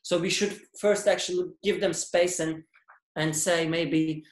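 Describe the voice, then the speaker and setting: A man speaking in a casual discussion, halting and often repeating and restarting words. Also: a little high, steady tone. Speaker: guest speaker. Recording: echoey room.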